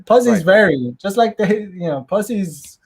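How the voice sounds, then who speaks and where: High-voiced, rambling male podcast guest. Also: lively intonation, measured pace, breathy edge. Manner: loose, rambling, laughs often. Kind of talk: casual podcast chat.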